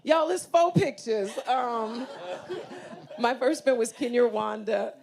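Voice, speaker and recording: A woman's voice: on the high side, takes it slowly, gravelly, darkish tone. A woman on a panel chatting casually, telling stories in a playful, self-deprecating way. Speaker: actress on a panel.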